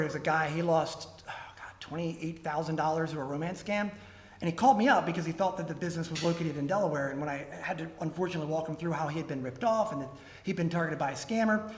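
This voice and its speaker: A man's voice: sits high, reverberant. A man speaking as a guest at a club meeting and answering questions, telling stories and acting out the people in them. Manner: animated storyteller, acts out callers' lines. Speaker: guest speaker from a consumer nonprofit. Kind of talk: Q&A after a club presentation.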